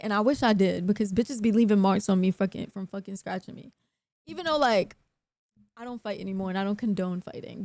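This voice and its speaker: A young woman, telling a story on a live stream in a casual, animated, profane way and acting out other people's lines. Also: a little high, no echo.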